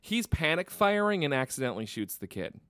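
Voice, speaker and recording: A man's voice: a little high, big pitch swings, fairly quick, a bit bright, smooth, dry recording. An enthusiastic man talking films with a friend, casually swearing as he goes. His middling voice moves up and down a lot, recorded dry and close. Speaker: podcast co-host. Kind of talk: casual film discussion.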